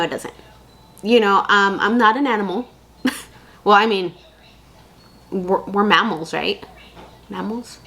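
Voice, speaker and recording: A woman's voice: medium pitch, a bit bright, slight background noise. A young woman vlogging candid parenting advice in a casual, chatty way, full of fillers and asides. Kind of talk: casual chat to camera.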